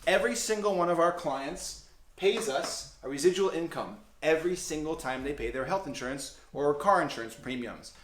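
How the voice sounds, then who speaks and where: A young man telling a story casually to the camera, animated and profane, then explaining his insurance business. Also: fairly high pitch, moderate pace. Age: young adult. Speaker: vlogger and insurance agency owner. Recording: roomy echo.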